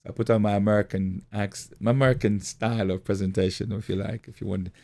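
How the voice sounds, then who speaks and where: Male pastor, middle-aged, low and gravelly, mellow tone, storytelling sermon delivery. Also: steady tone, fast talker. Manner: storytelling, repeats phrases, acts out quoted voices. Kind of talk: motivational sermon talk.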